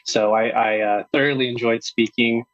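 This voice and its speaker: A man's voice: medium pitch, fairly even intonation, normal speed, fairly bright tone, no echo, lo-fi sound. A young man, newly joined the team, telling his story eagerly with lots of uhs on a podcast. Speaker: new staff member. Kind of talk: casual podcast chat.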